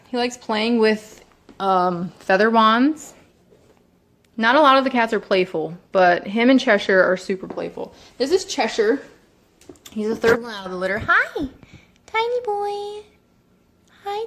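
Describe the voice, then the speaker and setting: A young woman casually introducing her pet cats at home, chatty, sometimes slipping into high baby talk for them. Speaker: vlogger. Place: home, indoors.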